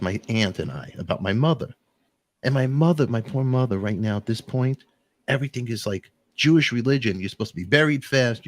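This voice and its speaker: A man hosting a talk show, telling an emotional story in a rambling, animated way with sudden jumps in pitch. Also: no echo. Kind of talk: emotional casual monologue.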